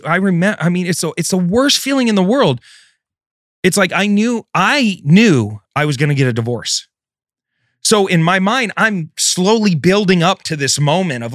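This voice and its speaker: A middle-aged man, a podcast host, telling an emotional personal story, his voice swinging between loud and hushed. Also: high voice, big pitch swings, moderate pace, no room sound, clean studio sound.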